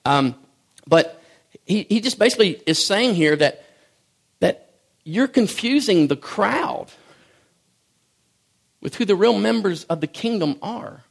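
A middle-aged man preaching in a relaxed, chatty way, as if talking with his congregation. His voice sits a little high and carries a gravelly edge. He climbs to loud emphatic peaks and drops to near-hushed asides. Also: slow, pauses often. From rural farm background. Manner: conversational, folksy preaching with swings from loud to hushed. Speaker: pastor. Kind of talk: sermon.

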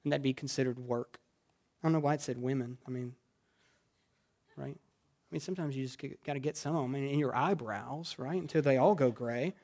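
A male pastor preaching a sermon in a church, moving from quiet reflection to loud, exclamatory passages. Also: mid-range voice, fairly quick. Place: church sanctuary.

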